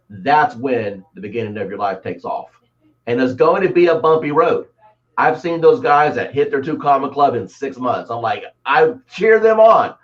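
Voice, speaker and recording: A male sales coach speaking as an interview guest, mid-pitched and driven. He tells motivational stories and acts them out. The call audio sounds somewhat dull and lo-fi. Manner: animated storyteller, acts out voices.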